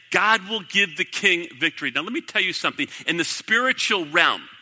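Pastor guy preaching, bright edgy voice, big echoey hall. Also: on the high side. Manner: animated preaching, rising to emphatic declarations. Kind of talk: sermon, reading scripture with commentary.

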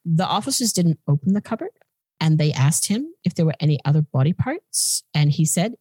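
Low-voiced woman telling a crime story. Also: expressive, a little fast, mellow, breathy edge, no room sound. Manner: chatty, blunt, swears casually. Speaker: podcast host. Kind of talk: casual true-crime storytelling.

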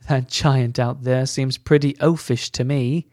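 A boisterous male elf who fancies himself a general, commanding and teasing in a storybook reading, voiced by a man. His lines come out unhurried and dry, with no room around them. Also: mid-range voice, fairly even intonation, a little mellow, no room sound, close to an everyday voice. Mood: playful.

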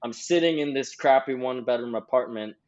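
A man's voice: mid-range voice, fairly quick, a little mellow. Young man rambling in a dull lo-fi recording. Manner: rambling, heavy on "like". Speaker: podcast guest. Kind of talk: casual storytelling chat. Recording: slightly dull lo-fi sound.

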